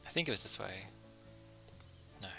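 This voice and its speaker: A man narrates his own playthrough of a quirky indie game, musing aloud and chuckling to himself. His voice is gravelly and very bright. Faint game music plays underneath. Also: fairly low pitch, expressive, normal speed. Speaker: let's-play gamer. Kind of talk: casual gameplay commentary.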